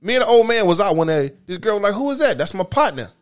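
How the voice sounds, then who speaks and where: A man's voice: high-pitched, animated, quick pace. A middle-aged man in casual, profane chat who talks emphatically and repeats phrases.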